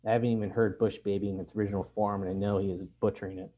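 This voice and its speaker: A man reads his own fiction aloud in a measured, deadpan way. His voice sits low and sounds dark and mellow. The lo-fi recording sounds dull. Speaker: author reading his fiction. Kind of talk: literary reading.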